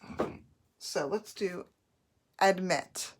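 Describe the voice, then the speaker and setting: A woman teaching a phonics lesson, sounding out words slowly and clearly, syllable by syllable. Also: on the low side.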